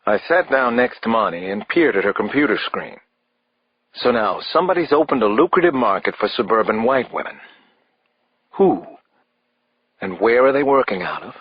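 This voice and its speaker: A man narrating a first-person thriller audiobook in a measured, expressive way. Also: medium pitch, breathy edge. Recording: slightly dull, dry studio audiobook.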